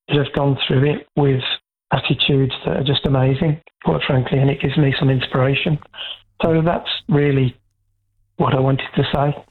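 A man calling in to a radio phone-in, speaking haltingly with many pauses and fillers. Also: medium pitch. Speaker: caller. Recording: tinny phone line.

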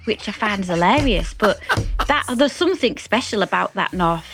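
A woman's voice: mid-range voice, animated, normal speed, a bit bright, faint music behind. A woman comedian with a Hull accent, chatting in a rambling, self-deprecating way and laughing often during a radio interview. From Hull, England. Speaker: comedian guest.

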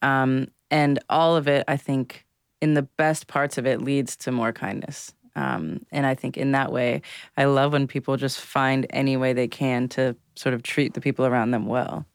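A thoughtful man with a smooth, resonant voice speaks as a reflective radio guest. His voice is close and dry in the studio. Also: mid-range voice, fairly even intonation, moderate pace, dry recording. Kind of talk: reflective radio interview talk.

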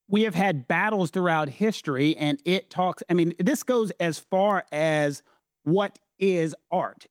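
A man's voice: high voice, no echo, studio quality. A man with a Southern US accent, talking through legal points as a co-host, emphatic and fond of repeating his phrases. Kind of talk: casual legal discussion.

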